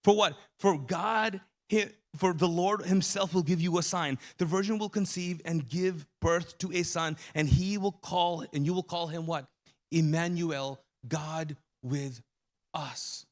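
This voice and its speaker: Impassioned male pastor, slightly high voice. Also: measured pace. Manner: emotional storytelling, voice rising and falling. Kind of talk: sermon. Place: church auditorium.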